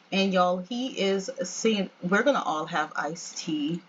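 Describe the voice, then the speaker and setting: A woman's voice: fairly low pitch, slow pace, dull audio, slight background noise. A woman giving casual, chatty gameplay narration as a let's play host, often addressing her viewers as "y'all".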